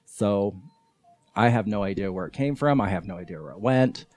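A low-voiced man telling a tale on a podcast, slipping into the voices of the people in his story. His tone is dark and mellow, and the sound is dry and close. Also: normal speed, dry recording. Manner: animated, acts out quoted voices. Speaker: podcast guest. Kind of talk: casual storytelling.

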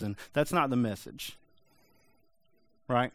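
A man's voice: medium pitch, normal speed, no room sound. A male pastor giving a sermon in a casual, joking, conversational way.

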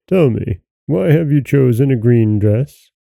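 A man's voice: medium pitch, animated, a little slow, vocal fry, mellow, dry recording. A man reading as a stern old king. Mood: stately. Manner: stern, wrathful questioning. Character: proud, quick-tempered old king, father.

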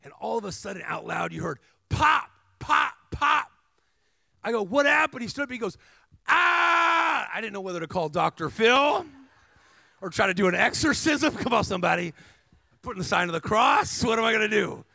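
A man preaching a sermon as a guest speaker, telling stories energetically with humor, asides to the crowd and emphatic shouts. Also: sits high, fast talker, vocal fry, no room sound. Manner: energetic storytelling with humor and call-and-response asides; emphatic, rising to shouts at climaxes.

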